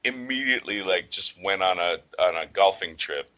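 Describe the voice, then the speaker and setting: A man's voice: low voice, expressive, moderate pace, bright, forceful tone, low-quality recording. A man co-hosting a podcast, talking in a rambling, casual way with lots of fillers and the odd swear word. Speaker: podcast co-host.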